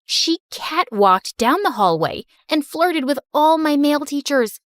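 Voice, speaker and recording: A woman narrating an animated drama in the first person, telling it with emotional, expressive storytelling. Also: sits high, a little slow, few pauses, no room sound, studio quality.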